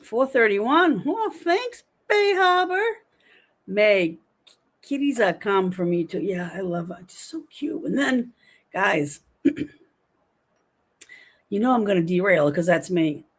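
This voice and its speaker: A woman's voice: mid-range voice, slow pace, long pauses, husky. A woman in her forties hosting a casual livestream from home, chatting and rambling as she reads viewer comments aloud. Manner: chatty, rambling, animated storytelling. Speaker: livestream host.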